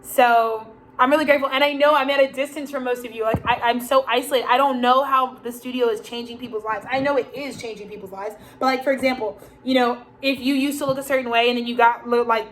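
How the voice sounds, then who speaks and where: A woman's voice: fairly high pitch, fairly even intonation, fast talker, few pauses, a little hiss or hum, low-quality recording. A woman giving a rambling, profane spoken tarot reading, laughing often and acting out the people she quotes. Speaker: tarot reader.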